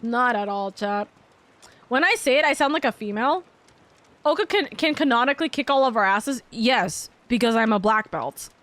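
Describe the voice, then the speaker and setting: Young woman, high voice, rambling casual stream chat, playful, swears a lot. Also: lively intonation, normal speed, a bit bright.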